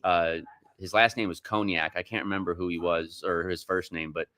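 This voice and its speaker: A man's voice: deep voice, steady tone, moderate pace, bright, forceful tone, no echo. A man on a podcast, rambling through profane, restart-filled stories as a Marine veteran in casual chat.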